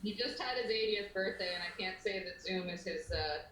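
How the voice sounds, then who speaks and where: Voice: medium pitch, fairly quick, roomy sound, heavy background noise. A student chatting casually during an online music class, friendly and laughing.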